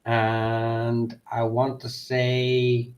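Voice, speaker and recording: A man's voice: mid-range voice, monotone, very slow, lo-fi sound. A man explaining history in a casual chat, hesitant and thinking aloud with many ums. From Northern Ireland. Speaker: history guest.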